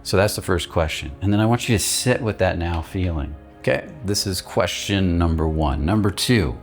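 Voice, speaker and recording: A male coach giving a guided instructional talk, calm and steady, stressing key words by repeating them. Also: low voice, normal speed, faint music behind. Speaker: emotional release coach.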